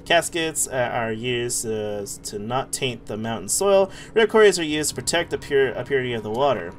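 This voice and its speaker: A man's voice: mid-range voice, animated, normal speed, a little hiss or hum. A man streaming a horror game, chatting casually with viewers, yelping at scares and cursing. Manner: jumpy, yelps and laughs, swears, chats with viewers. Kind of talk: casual live-stream commentary.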